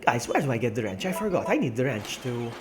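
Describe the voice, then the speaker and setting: A man's voice: mid-range voice, sing-song, fast, background noise. A young man, chatting casually and rambling while streaming a game. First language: Maltese. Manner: chatty, rambling, laughs often. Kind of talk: casual live-stream chat.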